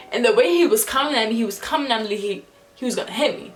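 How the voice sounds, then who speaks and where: Animated young woman telling a storytime. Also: a little high, fast, faint music behind. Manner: animated, acts out quoted voices with slang and swearing. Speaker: vlogger. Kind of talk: casual storytime.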